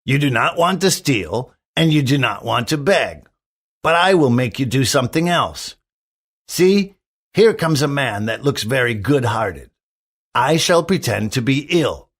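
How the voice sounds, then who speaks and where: Man reading as a sly teenage beggar boy, storybook voice, wheedling and bossy, lively pitch, slow delivery. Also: husky, heavily acted.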